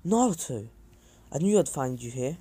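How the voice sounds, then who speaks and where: A man's voice: medium pitch, sing-song, moderate pace, dark tone, slight background noise, natural voice. A man voicing a sad, earnest teenage girl ninja.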